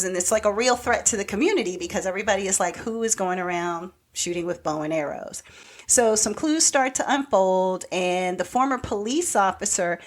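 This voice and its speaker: Podcast co-host, woman, casual and chatty, recaps a plot with lots of "like" and "so anyway", acts out the lines. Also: mid-range voice. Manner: animated storyteller recapping a TV plot, acting out quoted lines; rambling, with many "like" and "so anyway" fillers. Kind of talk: casual chat.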